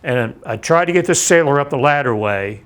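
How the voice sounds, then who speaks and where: An older man, a navy veteran, telling a vivid personal account in a measured, plain-spoken way. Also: mid-range voice, lively intonation, fairly bright tone. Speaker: navy veteran recounting his experience. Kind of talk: personal testimony.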